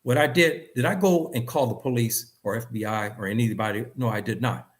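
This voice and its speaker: A man teaching a religious lesson in an earnest, repetitive way, building to animated emphasis at times. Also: mid-range voice, fairly quick. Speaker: Islamic teacher. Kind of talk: religious lecture.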